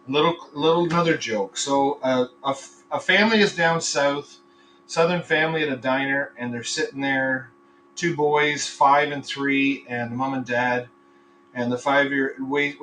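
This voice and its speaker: A man's voice: medium pitch, sharp tone, distant mic, slight background noise, low-quality recording. A man hosting a casual live podcast, rambling between topics, swearing freely and telling crude jokes. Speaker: podcast host. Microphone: computer microphone.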